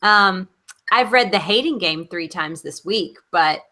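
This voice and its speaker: Bright-voiced Southern woman chatting live. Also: lowish voice, expressive, unhurried, slight background noise. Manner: chatty, laughs often. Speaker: co-host. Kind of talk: casual live-stream chat.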